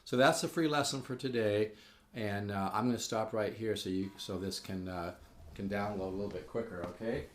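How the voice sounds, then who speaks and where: A man's voice: on the low side, moderate pace, slight background noise. A man giving a casual spoken guitar lesson, rambling with fillers and restarts and growing enthusiastic. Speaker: guitar teacher. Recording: echoey room with guitar playing.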